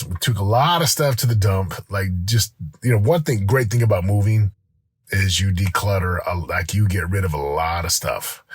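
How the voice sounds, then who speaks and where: A middle-aged man hosting a show, giving an energetic motivational talk with lots of restarts and repeated words. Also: fairly low pitch, breathy edge, no room sound, clean studio sound. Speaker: podcast host. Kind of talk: motivational monologue.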